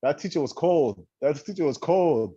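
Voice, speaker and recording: A man's voice: a little high, expressive, normal speed, dark tone, husky, no room sound, dull audio. A man co-hosting a podcast in casual chat, telling stories animatedly and acting out quoted voices. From Canada. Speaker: podcast co-host.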